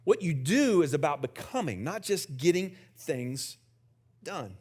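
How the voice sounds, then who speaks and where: A man's voice: on the high side, animated, a little slow, a little mellow, slightly rough. A middle-aged man, the senior pastor, preaching a conversational sermon in a church and joking with the congregation. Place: church sanctuary with live congregation.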